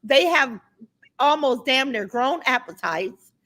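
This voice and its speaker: A middle-aged woman with a high, bright voice chats bluntly on a casual livestream. She runs through viewer comments in an easy, candid way, and her tone stays sharp and forceful. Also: lively intonation, slow. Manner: blunt, chatty, reads viewer comments aloud. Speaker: livestream host.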